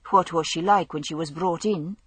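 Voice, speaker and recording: A woman's voice: lowish voice, normal speed, slightly rough, no echo. A woman voicing an easygoing young male constable, in an audiobook. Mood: earnest. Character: young Highland police constable, man, easygoing.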